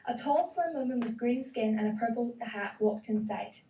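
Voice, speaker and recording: A woman reading a children's fairy tale aloud, telling it gently and expressively. Her voice is mellow and sits a little high, and it sounds distant in an echoey room with a faint hiss underneath. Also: normal speed. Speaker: storyteller.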